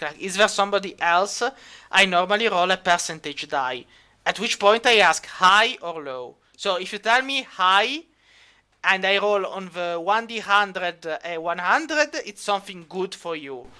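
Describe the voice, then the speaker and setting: Man, game master, bright tone, smooth clear voice, rambling casual narration. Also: high-pitched, lively intonation, moderate pace. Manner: rambling, many fillers, laughs easily. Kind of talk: running a tabletop game.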